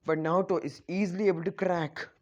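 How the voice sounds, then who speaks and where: A man's voice: high-pitched, steady tone, quick pace. A man casually retelling a fan story, rambling with lots of restarts and filler words. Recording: dull lo-fi recording.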